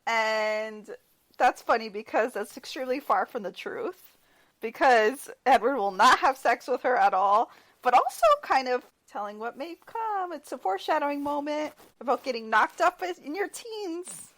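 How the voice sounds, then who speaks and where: Higher-pitched, animated woman podcaster, wry and chatty. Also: moderate pace. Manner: sarcastic, lively, laughs often. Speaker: podcast co-host. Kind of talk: casual movie recap chat.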